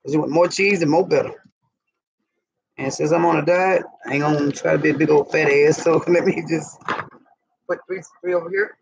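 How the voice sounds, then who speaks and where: In a fairly high, steady voice with vocal fry, this middle-aged cooking vlogger from the American South talks briskly but pauses often. He chats, curses, and cooks in his home kitchen while facing viewers, with roomy, dull, distant audio and faint noise.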